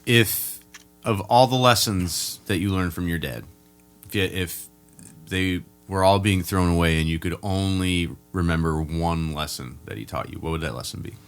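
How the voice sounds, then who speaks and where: A man hosting a podcast, asking interview questions in a relaxed way, with quick laughs and short replies of agreement. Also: low voice, clear, resonant tone. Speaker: podcast host.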